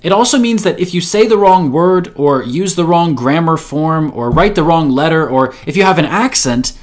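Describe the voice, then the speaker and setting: Man, English teacher, native speaker, emphatic and earnest, slightly higher voice. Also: expressive, moderate pace. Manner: earnest, emphatic, repeats key points. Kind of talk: motivational language lesson.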